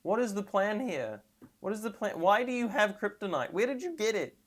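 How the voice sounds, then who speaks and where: A trans woman streaming live and reacting to memes, rambling and sarcastic with deadpan asides, and tired. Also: mid-range voice, normal speed.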